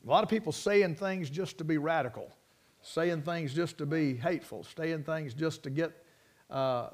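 High-voiced folksy preacher man. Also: normal speed. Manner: folksy, rambling, plainspoken. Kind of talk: sermon with storytelling.

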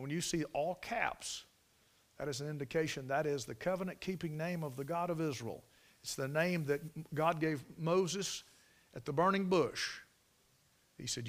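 With a voice on the high side, a man preaches in a homespun storytelling manner, alternating loud, emphatic lines with quiet, almost whispered ones.

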